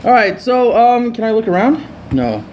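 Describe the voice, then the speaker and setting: A young man chats his way through a game, cracking jokes and reading lines aloud in a high voice that swings up and down a lot. He sounds animated throughout. A faint hiss sits under the recording. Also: normal speed, muffled recording. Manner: joking, playfully reads game lines aloud. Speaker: gaming channel host. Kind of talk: casual gameplay commentary.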